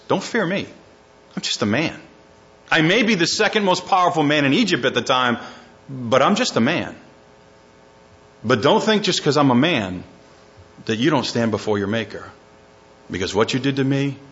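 A man preaching a sermon, reading scripture and acting out quotes with dramatic shifts in his voice. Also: a little high. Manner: animated preaching, dramatic voicing of quotes, rising to near shouts. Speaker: pastor. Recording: muffled lo-fi recording.

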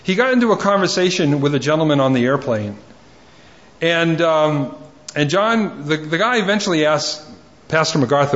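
A man preaching a sermon in a fairly high voice, earnest and pleading as he hammers home his points through repetition. The recording sounds dull and lo-fi, with the top end muffled. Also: expressive, normal speed, a bit bright. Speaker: pastor.

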